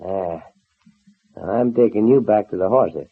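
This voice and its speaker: A man's voice: lowish voice, a little slow, slightly rough. An actor playing an easygoing young male cowboy hero with folksy talk in a 1930s radio serial. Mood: teasing. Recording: old narrow-band radio transfer.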